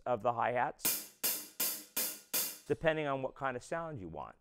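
Smooth-voiced male drum teacher. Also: mid-range voice. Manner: explains step by step, counts beats aloud. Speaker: drum instructor. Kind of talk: instructional drum lesson.

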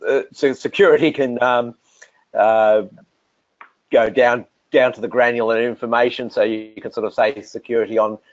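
A man with an Australian accent presenting software and answering technical questions, relaxed, with many fillers and restarts. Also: medium pitch, dry recording. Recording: dull, dry lo-fi audio.

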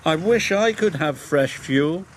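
Eager young tank engine, lively and high-pitched, done by a man narrator, music behind. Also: unhurried, a little hiss or hum. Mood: worried. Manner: eager, indignant. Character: cheerful proud young male tank engine.

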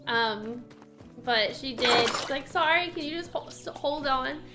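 A woman's voice: sits high, unhurried, loud music behind the voice. A woman streamer chatting casually over a simulation game, laughing often and exclaiming at what happens. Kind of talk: casual gameplay commentary.

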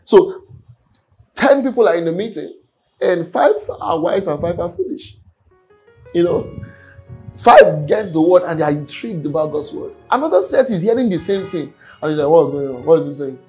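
A man's voice: high-pitched, lively intonation, normal speed, a little mellow, faint music behind, poor audio. A man preaching a sermon earnestly, often repeating his words. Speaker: pastor. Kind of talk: sermon teaching.

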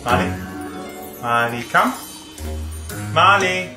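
A woman calling for her pet dog over and over, with drawn-out calls. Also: lowish voice, expressive, music in the background. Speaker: pet owner.

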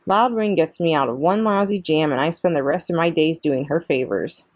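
A woman reading a storybook aloud, voicing a gruff, stubborn father beaver who grumbles and refuses. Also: deep voice, normal speed, darkish tone. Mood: grumbling. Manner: curt, grumbling.

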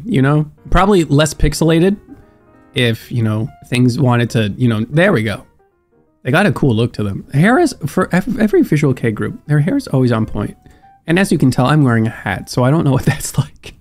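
Stuffy-nosed young man reacting to music. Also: medium pitch. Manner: excitable, laughs often, muses aloud. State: stuffed-up nose. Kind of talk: casual reaction commentary. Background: faint music.

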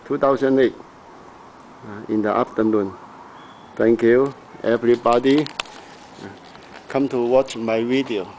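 Slow-talking man narrating his home video. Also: medium pitch, a little mellow, a little hiss or hum, rough recording. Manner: unhurried, filling pauses with short hums and "ah"s. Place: outdoors around a house and yard. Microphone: handheld camera.

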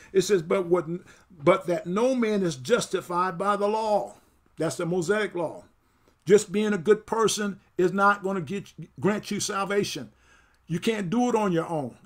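A man preaching a sermon as pastor, reading scripture and breaking in with amens and praise, getting excited as he goes. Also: high-pitched. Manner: excitable, picks up speed then slows for scripture.

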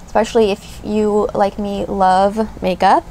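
A woman in her thirties, a beauty vlogger, speaks in a mellow, medium-pitched voice with little pitch movement, unhurried, over slight background noise. Doing her makeup for a chatty get-ready-with-me video, she rambles, gushes and uses lots of fillers.

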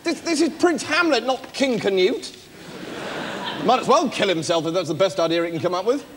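An actor playing a temperamental, indignant playwright who talks in a huffy, exasperated way in a live comedy sketch. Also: male voice, sits high, animated, moderate pace, background noise. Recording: live stage audio with hall reverb.

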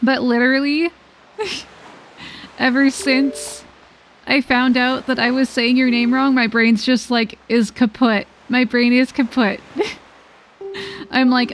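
A woman streamer chatting casually with her viewers during a gameplay livestream, bubbly and quick to giggle. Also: sits high, flat delivery, a little hiss or hum. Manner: bubbly, giggly, talks to chat.

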